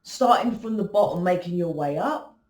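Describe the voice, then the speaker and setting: A woman's voice: on the low side, animated, normal speed, darkish tone, echoey room. A woman hosting a spiritual channel, talking casually and rambling with many restarts and fillers. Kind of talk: casual spiritual talk to camera.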